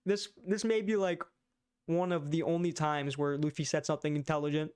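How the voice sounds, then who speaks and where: Dude going over manga spoilers, kinda high voice, super clean sound, says bro and like a lot and trips over words. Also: male voice, fairly even intonation, fairly quick, darkish tone, clear, resonant tone. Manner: casual slang, frequent fillers and stutters. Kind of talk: casual chapter-recap commentary.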